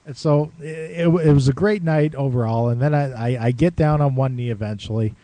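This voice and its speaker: Man, mellow voice, casual rambling storyteller, dry close mic. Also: mid-range voice, brisk, no echo. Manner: rambling, swears and laughs, acts out quotes. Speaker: podcast co-host.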